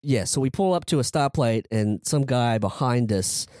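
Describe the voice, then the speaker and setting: Male podcast co-host, casual storyteller full of uh's and restarts; mellow, dry sound. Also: medium pitch, expressive, normal speed, dry recording. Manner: rambling storyteller, many fillers and restarts. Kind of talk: casual chat.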